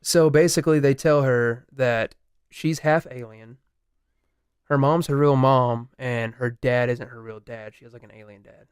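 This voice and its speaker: Animated young man retelling a story. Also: mid-range voice, a little slow, smooth, no echo, clean studio sound. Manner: animated, swearing, laughing, many restarts. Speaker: podcast co-host. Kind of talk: casual chat, retelling a true crime story.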